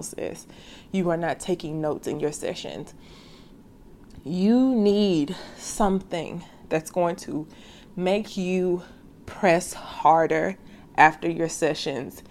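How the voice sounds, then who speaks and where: A woman's voice: fairly low pitch, darkish tone. A woman hosting a devotional podcast who talks straight to her listeners in a slangy, heartfelt way. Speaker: faith podcast host. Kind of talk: casual devotional podcast monologue.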